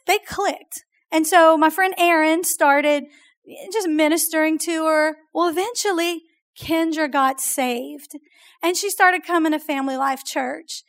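A woman preaching a sermon to a youth group, telling stories in a chatty, animated way. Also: extremely high pitch, a little slow. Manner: animated storytelling, chatty with "like" and "oh my gosh".

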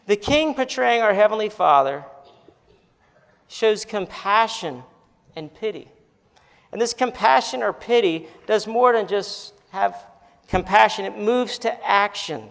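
A male pastor preaching a sermon, telling a story in an animated way and building to emphatic peaks. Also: high voice, vocal fry. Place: church sanctuary. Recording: reverberant hall.

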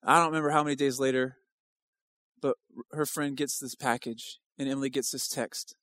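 A man's voice: mid-range voice, steady tone, normal speed, a bit bright, dry recording. A male pastor preaching an impassioned sermon at a church service, driving home repeated rhetorical questions.

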